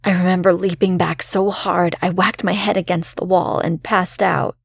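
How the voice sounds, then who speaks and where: A woman reading a first-person horror story in a calm, measured way as the show's narrator. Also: on the low side, vocal fry, breathy edge, no echo, studio quality.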